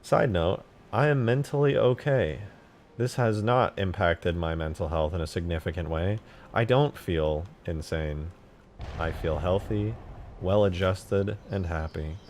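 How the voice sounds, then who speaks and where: A man casually chatting on a live stream about modding a game, excitable and profane, with sudden loud outbursts. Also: deep voice, measured pace, a little hiss or hum. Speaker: game modder streaming his work.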